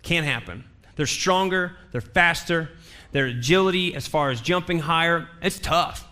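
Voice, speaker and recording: A man's voice: fairly high pitch, normal speed, bright, forceful tone. A male pastor preaching a sermon in a church, telling a story with humor and emphatic repetition.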